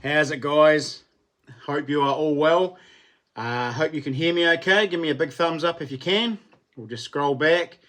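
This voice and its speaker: A middle-aged New Zealand man hosts a relaxed livestream chat. His voice sits fairly high for a man, and he talks in a chatty, easygoing way, greeting viewers by name and laughing often. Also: normal speed. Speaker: livestream host.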